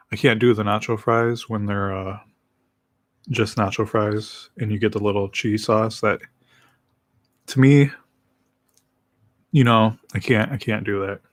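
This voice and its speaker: Slow-talking, low-voiced man rambling on a stream. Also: no room sound. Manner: rambling, laid-back, laughs easily. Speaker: livestreamer. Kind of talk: casual rambling chat.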